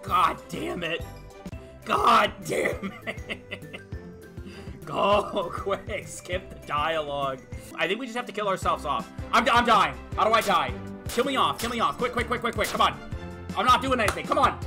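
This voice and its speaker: Frantic high-voiced male gamer. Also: moderate pace. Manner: excitable, yelling and laughing, swears a lot. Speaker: streamer playing a video game. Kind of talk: frantic gaming commentary. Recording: game music playing clearly behind.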